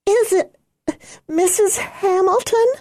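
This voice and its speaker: A woman voicing a frightened teenage girl who talks in a high, trembling, crying voice in an audiobook. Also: steady tone, slow, a little mellow, dry recording, clean studio sound. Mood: panicked. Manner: high trembling breathless pleading. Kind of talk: audiobook character voice.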